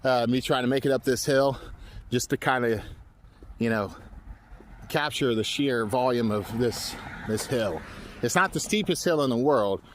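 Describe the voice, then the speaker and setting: A man's voice: medium pitch, unhurried, a little hiss or hum. A breathless man vlogging up a steep hill. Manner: rambling, self-deprecating, trailing restarts. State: out of breath from climbing. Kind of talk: casual outdoor vlog narration. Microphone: handheld phone.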